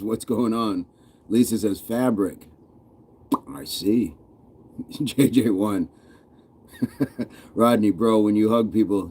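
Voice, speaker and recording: A man's voice: lowish voice, mellow. An American man casually hosting a live stream, reading viewer comments aloud in a loose, playful way with frequent chuckles. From United States. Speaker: fitness channel host reading live chat.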